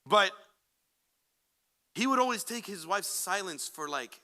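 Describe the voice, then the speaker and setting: A man, addressed as Sheikh, giving casual, animated advice to a young audience, acting out quoted people with jokes. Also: high-pitched, unhurried, long pauses. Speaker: Islamic speaker answering questions.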